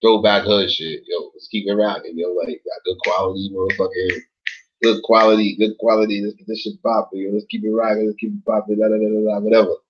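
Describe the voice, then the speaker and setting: A man hosting an online show in loose, casual commentary, rambling in slang with lots of swearing and sudden jumps up in pitch when he gets worked up. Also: flat delivery, fast, slight background noise. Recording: dull lo-fi sound.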